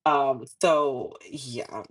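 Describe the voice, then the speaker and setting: A woman in her thirties, a podcast guest, telling a personal story in casual chat, animated and laughing often as she acts out what others said. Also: very deep voice, very slow, husky.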